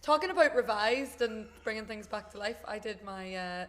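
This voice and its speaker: A woman's voice: mid-range voice, lively intonation, normal speed. A woman with a Northern Irish accent, a guest singer in a casual, laughing podcast chat. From Northern Ireland. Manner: laughing, easygoing.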